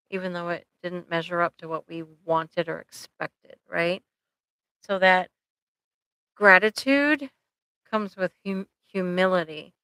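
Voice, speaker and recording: A woman therapist talks casually to her viewers on a live stream, tossing in "like" and "right?" as she goes. Her voice is bright and smooth. It is recorded dry and close on a computer microphone. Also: lowish voice, no echo, rough recording. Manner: chatty, conversational, frequent "like" and "right?" tags; directly addresses viewers.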